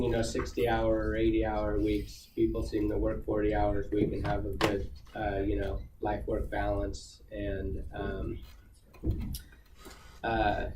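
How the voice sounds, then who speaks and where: A man speaking as a guest to students in a casual, rambling way, full of fillers and restarts. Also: on the low side. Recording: echoey room, far from the mic, noisy.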